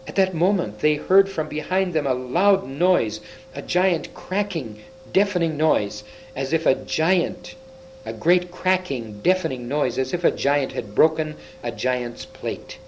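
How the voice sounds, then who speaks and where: A man's voice: a little high, expressive, measured pace, a little hiss or hum, rough recording. A man reading a children's fantasy book aloud, with small slips and restarts. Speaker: reader.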